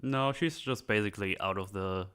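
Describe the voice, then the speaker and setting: Low-voiced guy on a gaming podcast, acting out the characters while he tells what happened, gets loud and animated. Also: moderate pace, smooth. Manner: animated storytelling, acts out game characters. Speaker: podcast host. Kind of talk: casual gaming chat.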